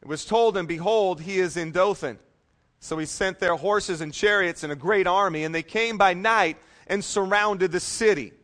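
A man's voice: high-pitched, moderate pace, a bit bright. A male pastor preaching a sermon, reading scripture emphatically and adding casual, joking asides.

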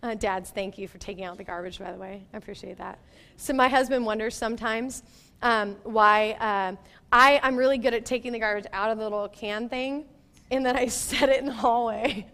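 A middle-aged woman pastor giving a sermon in a conversational, animated way, with laughs and playful asides. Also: fairly high pitch, brisk, in a large hall.

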